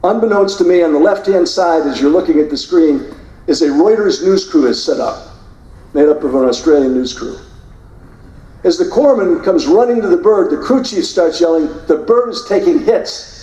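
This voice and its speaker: An older man giving a forceful speech, narrating combat footage and mimicking the people he quotes. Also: on the high side, normal speed. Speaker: guest speaker. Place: hotel banquet hall. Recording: echoey hall, voice from far off.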